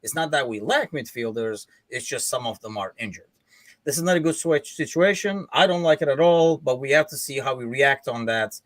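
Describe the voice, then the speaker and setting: A man's voice: medium pitch, expressive, no echo, natural voice. A man reading a coach's quote aloud in a put-on Turkish accent, stumbling as he reads. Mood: deadpan. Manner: halting, stumbling read-aloud.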